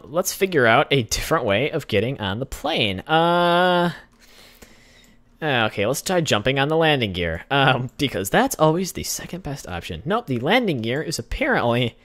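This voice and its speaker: A man's voice: mid-range voice, big pitch swings, unhurried, a bit bright, dry recording. A young man hosting a gaming channel, giving casual gameplay commentary, chatting to the characters on screen and getting easily exasperated.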